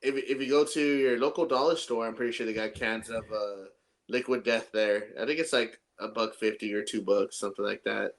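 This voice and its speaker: A man's voice: on the low side, fairly even intonation, brisk. Laid-back young man, swearing casually. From San Antonio, Texas. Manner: laid-back, swears a lot, laughs often. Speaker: podcast co-host. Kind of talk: casual chat.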